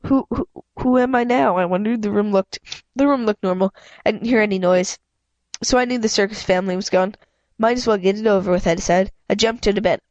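A woman's voice: medium pitch, fairly even intonation, quick pace, no echo, muffled recording. A woman with a head cold reading a children's story aloud in a casual, stumbling way, often restarting words and making asides. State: stuffed up with a cold. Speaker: amateur audiobook reader. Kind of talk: casual read-aloud narration.

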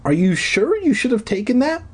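A man's voice: extremely high pitch, very animated, normal speed, husky, voice pushed up, full character voice. A man doing a shaky young girl. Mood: uneasy. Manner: shaky, unsure. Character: nervous young girl, the storyteller.

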